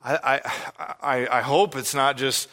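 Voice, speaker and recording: A man preaching an expository sermon as pastor, earnest and animated, sometimes acting out the lines he quotes. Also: mid-range voice, takes it slowly.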